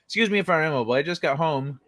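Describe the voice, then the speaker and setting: A man's voice: fairly high pitch, fast, fairly bright tone, no room sound. Laid-back man chatting late at night. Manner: rambling, laid-back, talks to chat by name. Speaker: livestream host reading chat. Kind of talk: late-night casual chat. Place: at home in bed.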